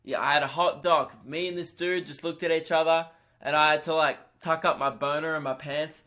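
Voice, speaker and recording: Crude, animated comic. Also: male voice, on the high side, moderate pace. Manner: animated, crude, self-mocking. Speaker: podcast host, comedian. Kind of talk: stand-up style storytelling.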